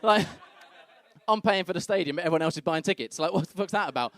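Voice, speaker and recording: A man's voice: high-pitched, a little fast. A young man telling crude stories on a comedy club stage, acting out the people in them. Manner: brash, crude storytelling, acts out other people's voices. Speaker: stand-up comedian. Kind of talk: stand-up comedy set.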